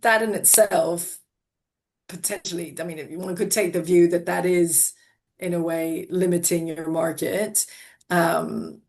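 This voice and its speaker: A woman's voice: lowish voice, steady tone, unhurried, gravelly, darkish tone. A woman publisher answering interview questions thoughtfully, often restarting and hedging her sentences. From half American, not Australian. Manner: thoughtful, with frequent restarts and hedges. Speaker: audiobook publisher.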